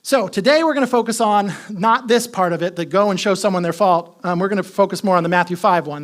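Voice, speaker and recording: Man, pastor, sermon, chatty delivery, asks questions, repeats points. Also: sits high.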